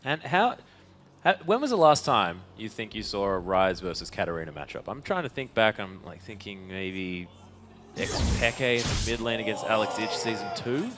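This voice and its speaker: Excitable male esports play-by-play caster. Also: fairly low pitch, noisy background. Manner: lively, excitable play-by-play with quick reactions. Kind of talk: esports commentary.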